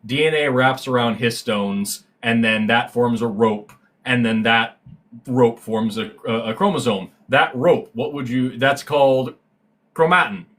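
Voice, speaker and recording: A man chatting as a guest on a science livestream, telling stories in an animated way, swearing freely and breaking into loud exclamations. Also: mid-range voice, measured pace. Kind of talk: casual livestream chat. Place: livestream, recorded remotely.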